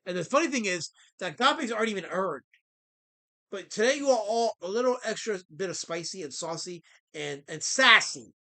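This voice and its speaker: A man hosting a livestream, ranting at his chat in a theatrical, mock-indignant way and swinging between loud outbursts and low mutters. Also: expressive, normal speed. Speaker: livestream host.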